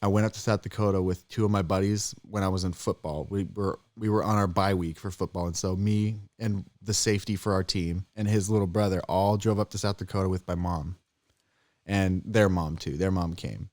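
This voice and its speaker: A young man co-hosting a podcast, telling a funny spooky story in casual chat, often jumping high and loud when he acts out scared voices. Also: steady tone, fairly quick, no room sound, clean studio sound. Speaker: podcast co-host.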